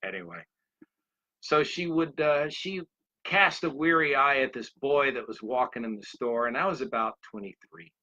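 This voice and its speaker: A man's voice: mid-range voice, expressive, normal speed, bright, forceful tone. A man in his sixties giving a motivational talk, rambling through anecdotes and speaking straight to his listeners. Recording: dull lo-fi recording.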